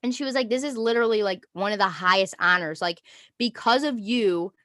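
A young woman co-hosting a casual chat, telling an animated story and acting out quotes with frequent laughter. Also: mid-range voice, fairly quick, dry recording, clean studio sound. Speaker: podcast co-host.

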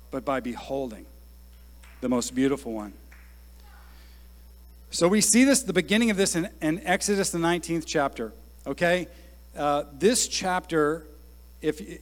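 A man preaching a sermon to a congregation, energetic and conversational, rising to shouts at the peaks. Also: a little high, long reverb tail. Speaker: pastor.

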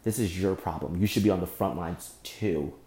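A young man hosting a solo podcast, speaking angrily and with deep emotion, often breaking off and repeating himself. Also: normal speed, dark tone, echoey room. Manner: angry, emotional, repeats and restarts. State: emotionally shaken. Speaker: podcast host. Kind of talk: impassioned solo podcast monologue.

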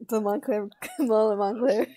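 A woman's voice: mid-range voice, steady tone, a little slow, mellow. A young woman co-hosting a casual vlog, laughing a lot and giving short replies. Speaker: co-host. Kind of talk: casual chat.

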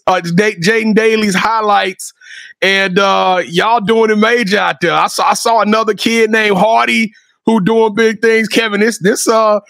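A man hosting a casual interview, energetic and slangy, often repeating words as he thinks. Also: sits high, no echo, studio quality. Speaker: interview host.

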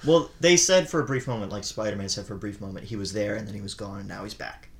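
A man's voice: fairly low pitch, fast talker. A man co-hosting a casual podcast, easygoing and curious, asking the questions and musing aloud. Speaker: podcast co-host. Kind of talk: casual chat.

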